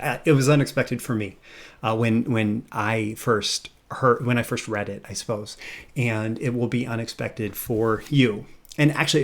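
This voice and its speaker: A man's voice: medium pitch, creaky. A man hosting a video about copywriting, talking casually to camera, rambling and hesitant, with many fillers and restarts.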